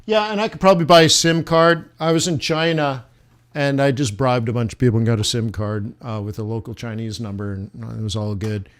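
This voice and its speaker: Smooth-voiced man chatting on a livestream. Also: medium pitch, steady tone, a little fast. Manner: rambling, self-mocking, chatty with viewers. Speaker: forex livestream host. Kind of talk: casual livestream chat.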